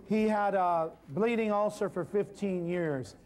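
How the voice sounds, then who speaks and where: A man giving an animated seminar talk, telling a story and addressing the audience directly. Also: high voice, unhurried. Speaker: natural healing speaker.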